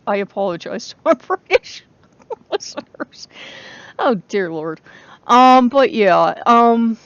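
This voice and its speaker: A woman's voice: mid-range voice, lo-fi sound. A woman in her forties hosting her own channel, talking casually, swearing freely, rambling and laughing often. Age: 40s. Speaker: channel host. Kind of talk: casual spoken vlog.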